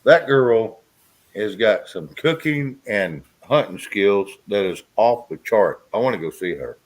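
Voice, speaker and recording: A man's voice: lowish voice, animated, measured pace. Guy hosting a casual chat, blunt, jokey, laughs a lot. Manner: blunt, joking, laughs often. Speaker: host.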